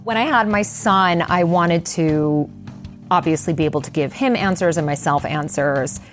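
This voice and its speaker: A woman with a fairly low voice tells personal stories as an interview guest. She is animated and lively, and slips into the voices of the people she quotes. Soft music plays faintly behind her. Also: normal speed. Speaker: guest writer. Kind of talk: conversational storytelling.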